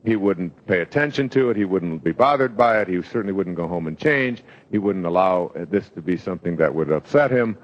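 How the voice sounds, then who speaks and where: An older man giving a motivational lecture, telling stories in a reflective way with pauses and fillers. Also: low voice, lively intonation. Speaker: motivational speaker. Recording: dull lo-fi lecture recording.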